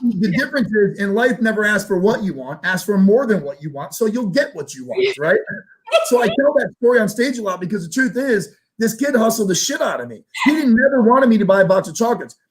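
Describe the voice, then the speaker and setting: Animated man telling a sales story. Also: high voice, brisk. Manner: animated, swears casually, acts out dialogue. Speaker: guest, sales trainer and speaker. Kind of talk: storytelling in a casual interview.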